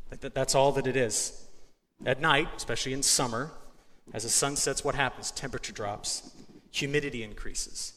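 Middle-aged male guest preacher, mid-pitched voice, chatty and animated delivery with quick restarts, large reverberant church with faint room noise. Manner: conversational, joking, animated, with frequent restarts. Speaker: guest speaker, meteorologist. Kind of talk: sermon. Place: church sanctuary. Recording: long hall reverb, faint ambient noise.

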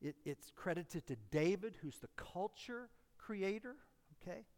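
High-voiced emphatic preacher in a reverberant hall. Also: male voice, expressive, measured pace. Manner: emphatic, repeats key phrases, swings from hushed to loud. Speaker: pastor. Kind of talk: sermon. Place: church sanctuary. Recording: long reverb of a large hall.

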